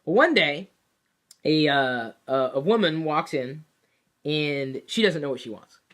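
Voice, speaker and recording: A woman telling a personal work story in a casual, animated way, with plenty of fillers and restarts. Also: low-pitched, measured pace. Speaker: vlogger.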